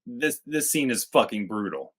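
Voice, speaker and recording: A man co-hosting a casual movie review chat, making quick, profane wisecracks. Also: medium pitch, big pitch swings, a bit bright. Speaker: co-host of a movie review show. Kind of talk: casual chat, joking commentary.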